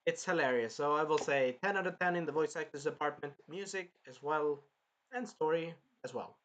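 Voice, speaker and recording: A man with a fairly high voice chats casually while reviewing an anime episode. He talks in an animated way, swears freely and acts out bits of dialogue. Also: brisk, slight background noise. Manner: animated, swearing, retells scenes in put-on voices. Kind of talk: casual chat.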